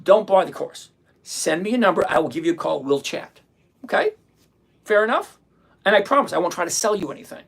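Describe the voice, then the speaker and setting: A man's voice: high voice, big pitch swings, a little fast, creaky, fairly bright tone, slightly rough. A man hosting a stock-trading livestream, talking bluntly and with exasperation, rattling off countdowns and numbers. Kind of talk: casual livestream talk.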